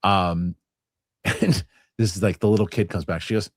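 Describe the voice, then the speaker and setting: A man's voice: low-pitched, steady tone, moderate pace, long pauses, no room sound. A middle-aged man hosting a casual chat show, rambling with restarts and acting out other people's lines. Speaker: host.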